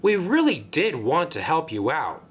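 A man's voice: on the high side, huge pitch swings, measured pace, a bit bright, slightly rough, pitched above the performer's own voice, full character voice. A man voicing a friendly, apologetic male dock engine.

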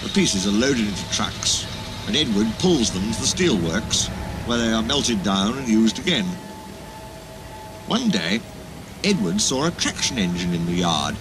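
A man narrating a children's railway storybook in an expressive reading style. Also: lowish voice, measured pace, low-quality recording. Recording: music playing behind.

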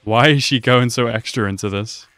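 A young man reacts to an anime episode with casual, excitable commentary, talking back at the screen. His medium-pitched voice moves at a moderate pace, with no echo.

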